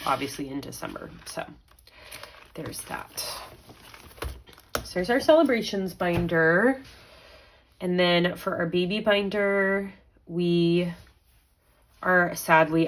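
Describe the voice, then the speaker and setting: A woman's voice: low-pitched, a little hiss or hum, poor audio. A young woman, chatting casually as she counts out budget money in a vlog. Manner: chatty, counting aloud, mild self-talk. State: pregnant. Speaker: budgeting vlogger. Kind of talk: casual chat while counting cash.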